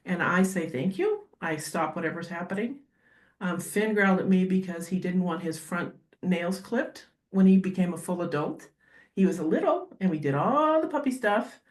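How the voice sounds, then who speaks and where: A woman guest on a podcast talking as a dog behaviorist, animated and quick to act out little scenes. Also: lowish voice. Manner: animated, acts out dogs and owners in quick asides. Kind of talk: podcast interview conversation. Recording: roomy echo.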